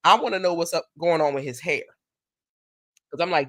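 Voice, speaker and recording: A woman hosting a casual live stream, chatting and telling stories, acting out what people said in a higher voice. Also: a little fast, long pauses, no room sound, clean studio sound. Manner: animated storyteller who acts out quotes in a higher voice.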